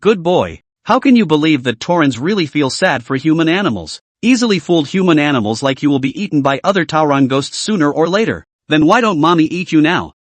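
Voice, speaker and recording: A man's voice: fairly high pitch, animated, brisk, few pauses, no echo. A man voicing a ghost mother who dotes on and mocks her son, in a cooing manner, as part of a recap reading. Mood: mocking. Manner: cooing, doting, mocking. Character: sweetly menacing ghost mother, woman.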